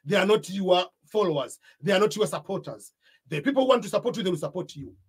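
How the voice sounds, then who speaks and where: A man with an East African accent coaching would-be YouTubers, speaking straight to camera. His voice has a husky, slightly rough edge, and he drives each point home by repeating it. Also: high voice, lively intonation, fast. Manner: emphatic, repeats key points. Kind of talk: motivational talk to camera.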